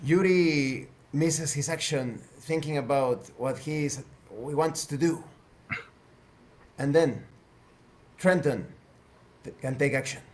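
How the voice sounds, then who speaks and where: A man narrating a tabletop game as game master, slow and deliberate. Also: a little high.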